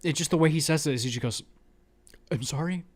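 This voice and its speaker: A man hosting a podcast talks very fast in a slightly high voice, with a little background noise in the recording. He's chatting eagerly about a movie, acting out its scenes with quoted voices.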